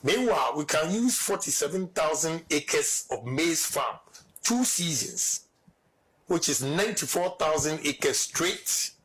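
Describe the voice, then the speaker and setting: Husky man explaining figures. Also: fairly high pitch, expressive, measured pace, a bit bright. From Ghana. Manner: lays out figures step by step. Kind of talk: explanatory talk in a played clip.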